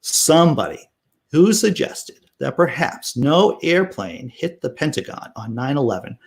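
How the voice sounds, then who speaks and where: A man's voice: on the high side, measured pace. Sarcastic man reading political news. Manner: sarcastic, animated, laughs while reading. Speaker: political commentary host. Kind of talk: casual political commentary reading news and chat comments.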